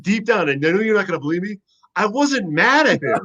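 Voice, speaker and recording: A man with a fairly high voice tells football stories in a loose podcast chat, swearing freely and getting animated. The recording sounds slightly dull and lo-fi. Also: fast. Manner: profane, animated storytelling. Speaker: guest, former football player.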